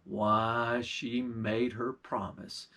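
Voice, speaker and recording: A man's voice: medium pitch, level tone, very slow, sharp tone. A male pastor, telling a folktale in a folksy, drawling country manner. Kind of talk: folktale storytelling.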